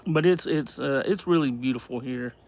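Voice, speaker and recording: A man's voice: mid-range voice, normal speed, a little mellow. A man hosting a casual livestream, rambling and hesitant as he reads out and answers viewer comments. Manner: rambling and hesitant, many fillers and restarts. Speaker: livestream host.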